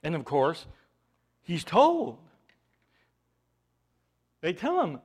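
A male preacher with a high voice that leaps up and down as he retells a story. He fires rhetorical questions at the congregation and swings from loud emphasis to hushed asides. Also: huge pitch swings, very slow, long pauses, breathy edge. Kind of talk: sermon.

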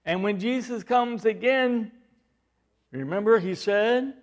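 A man preaching a sermon, asking the congregation rhetorical questions and swinging from loud emphasis to hushed, low delivery. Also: takes it slowly. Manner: repeats words and restarts, rhetorical questions. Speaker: pastor.

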